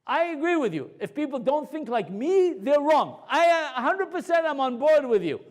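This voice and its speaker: A man, a rabbi, giving a storytelling Torah lecture to a live audience in a conversational, animated way. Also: very high-pitched, normal speed.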